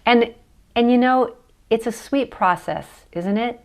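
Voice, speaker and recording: A woman's voice: on the high side, unhurried. A woman with an American accent, a podcast guest who teaches chakras, talking casually and laughing often as she thinks aloud. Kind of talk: casual interview conversation.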